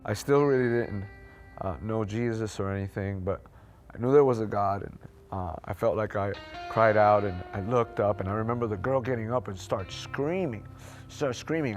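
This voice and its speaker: A man telling his personal testimony in a fast, unscripted way, with many fillers and restarts. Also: on the low side. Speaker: testimony speaker. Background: background music.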